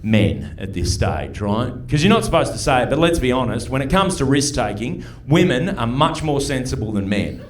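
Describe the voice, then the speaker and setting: A middle-aged man with an Australian accent, performing a stand-up comedy set in a club and telling chatty, punchy stories with quick mock voices. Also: medium pitch, expressive, slight background noise. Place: comedy club stage before a live audience.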